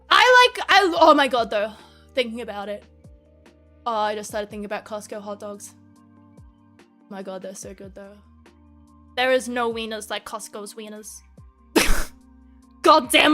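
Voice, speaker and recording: A woman's voice: on the high side, expressive, measured pace, long pauses, sharp tone, soft background music. A woman chatting casually on a livestream, rambling, swearing freely and laughing often. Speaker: VTuber streamer.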